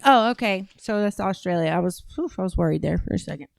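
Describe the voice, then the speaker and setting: A woman's voice: on the low side, expressive, fast, gravelly, no echo. A woman hosting a casual livestream, reacting to clips and chatting with viewers in a blunt, profane way. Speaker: livestream host.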